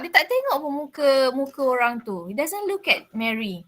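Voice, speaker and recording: A woman's voice: fairly high pitch, very animated, moderate pace, hardly any pauses, fairly bright tone. A woman teacher with a Malaysian accent explaining a play to a class, checking in with questions. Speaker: English literature teacher.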